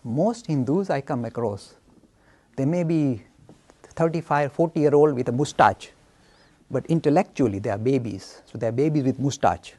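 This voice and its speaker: A man giving a storytelling lecture on Hinduism with an animated delivery, acting out voices as he speaks. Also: mid-range voice, moderate pace. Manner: animated, acts out voices, chuckles.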